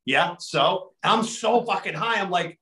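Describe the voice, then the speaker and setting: A man who works in radio, telling a story in casual chat, excitable and swearing. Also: sits high, a little slow, echoey room. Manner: excitable, profane, laughing storyteller. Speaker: radio host.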